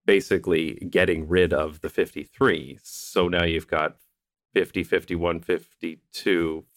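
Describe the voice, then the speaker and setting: A man's voice: low-pitched, fairly even intonation, unhurried, dry recording, clean studio sound. A man chatting casually as a podcast co-host, explaining at length and laughing easily. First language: English. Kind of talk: casual conversation.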